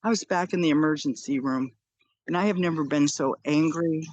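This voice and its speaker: An older woman with grandchildren, earnestly recounting a personal near-death experience in an animated, repetitive way. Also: deep voice, brisk, dry recording. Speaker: storyteller.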